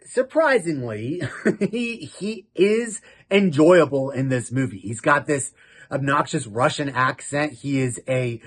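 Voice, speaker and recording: A man hosts a casual film review, talking in a giggly, self-mocking way. His voice is husky and breathy, and his pitch swings widely as he laughs at his own jokes. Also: animated, takes it slowly. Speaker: host of a film review show.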